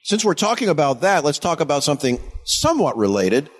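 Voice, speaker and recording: A man's voice: a little high, sing-song, fairly quick. Male podcast co-host, laid-back, short interjections, recorded with long reverb. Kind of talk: casual chat.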